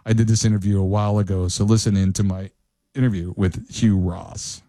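A man's voice: low voice, steady tone, a little fast, warm tone, dry recording. A male radio host telling a rambling anecdote, correcting himself as he goes and chuckling along. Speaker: radio talk show host. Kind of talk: casual radio storytelling.

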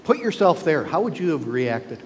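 A man's voice: on the high side, very animated, normal speed, a little hiss or hum. A male pastor preaching a sermon, driving his points home with rhetorical questions to the congregation. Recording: long reverb with faint ambience.

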